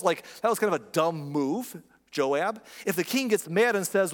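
A man's voice: sits high, animated, moderate pace, in a large hall. A man preaching a sermon in a conversational, emphatic way, full of rhetorical questions. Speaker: pastor.

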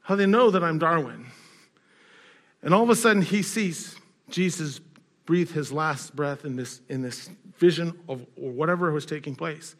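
Male pastor, slightly high voice, preaches through a story, swings loud to soft. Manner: storytelling, rising loud and high in quoted scenes, dropping quiet in reflection. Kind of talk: sermon.

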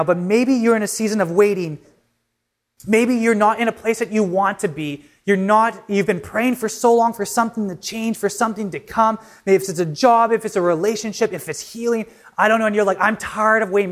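A young male pastor preaching a sermon, telling an emotional personal story in an earnest way with frequent restarts. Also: high-pitched.

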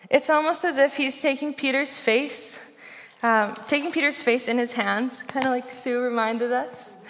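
A young woman delivers a sermon in a relaxed, conversational manner, often turning to her listeners with rhetorical questions. Her voice sits a little high. The sound carries the long reverb of a large hall. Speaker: preacher.

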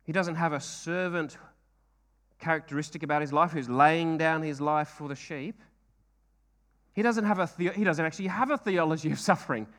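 A man's voice: on the high side, normal speed, fairly bright tone. A man preaching a sermon, earnest, with frequent rhetorical questions and repeated phrases.

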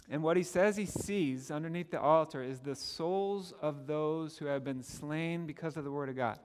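A man preaching a sermon as pastor, earnest and animated, often stammering on repeated words as he pushes a point. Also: a little high, clean tone, in a large hall.

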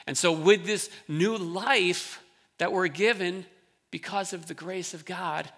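A man's voice: fairly high pitch, vocal fry, a bit bright. A man, a pastor, preaching a sermon in a conversational style, often restarting phrases as he explains a scripture passage. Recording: long hall reverb.

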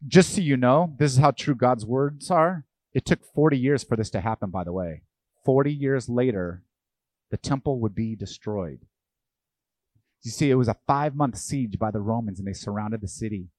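A man's voice: mid-range voice, normal speed, a little mellow, no room sound. A man preaching a sermon as pastor. He asks his listeners questions and acts out the voices of the people he quotes.

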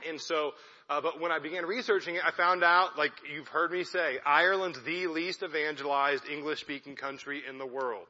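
A man's voice: fairly high pitch, steady tone, normal speed, bright, forceful tone. A young man, a missionary, giving a chatty, self-deprecating talk to a church congregation. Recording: echoey hall, dull lo-fi sound.

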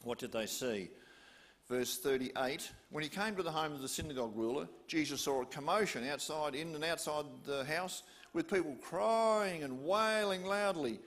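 A man's voice: fairly high pitch, normal speed, fairly bright tone. A man preaching, retelling a story with questions to his listeners. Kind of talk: storytelling sermon.

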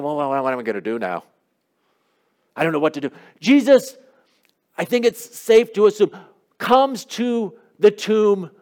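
A man's voice: high voice, a little mellow. A man preaching a sermon, asking the congregation questions in an emphatic way. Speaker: pastor.

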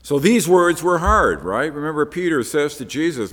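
A man's voice: a little high, very animated, moderate pace, few pauses, a bit bright, in a large hall. A man preaching a Bible-teaching sermon, explaining the passage step by step in a conversational way.

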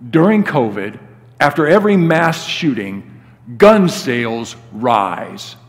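A man's voice: medium pitch, big pitch swings, takes it slowly, soft background music. Older male pastor preaching in a church hall. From United States. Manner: storytelling, acts out quoted dialogue with rising emphasis. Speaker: guest pastor. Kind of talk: sermon. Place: church sanctuary. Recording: long hall reverb.

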